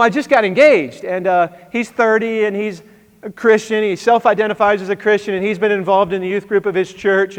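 A man's voice: high voice, in a large hall. A man in his thirties, a pastor telling a story in a sermon, conversational with wry asides.

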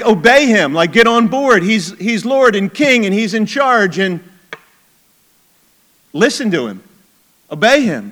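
A man's voice: high voice, sharp tone. A middle-aged man preaching a sermon as a pastor, conversational and emphatic, with chuckling asides.

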